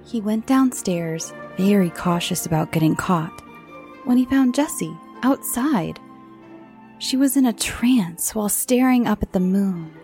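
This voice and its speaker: Slow woman reading kids' stories. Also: medium pitch, soft background music. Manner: slow, expressive storytelling. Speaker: narrator. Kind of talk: reading children's stories aloud.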